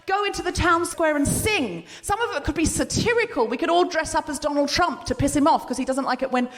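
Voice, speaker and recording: A woman's voice: sits high, a little fast. A woman co-hosting a live comedy podcast, doing a playful stand-up bit and leading the audience in chants on a handheld mic. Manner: animated, playful, leads the crowd in chanting. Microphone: handheld stage mic. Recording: reverberant hall, noisy live room.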